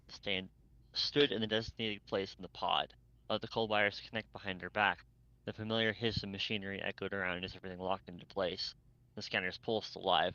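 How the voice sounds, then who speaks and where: A man's voice: deep voice, bright, forceful tone, no room sound. A man reading fanfiction aloud, stumbling and restarting words as he goes. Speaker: fanfic reader. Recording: dull lo-fi mic, dry.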